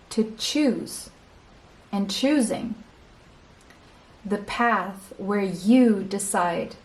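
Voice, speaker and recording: A woman's voice: mid-range voice, darkish tone. A woman giving a pick-a-card tarot reading, chatty and speaking straight to the viewer, often correcting herself as she goes. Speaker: tarot reader.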